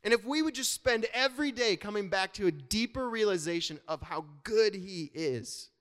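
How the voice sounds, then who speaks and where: A man delivering a lively sermon from the front of a church, his voice sitting a touch higher than most men's. He preaches in a loose, conversational way, with playful asides and quick shifts in tone as he works the room. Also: big-room sound. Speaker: pastor.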